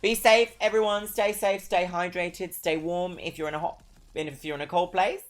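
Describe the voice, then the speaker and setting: A woman's voice: on the low side, steady tone, moderate pace. A British woman streaming, chatting casually with a giggly, rambling, self-mocking manner. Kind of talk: casual chat.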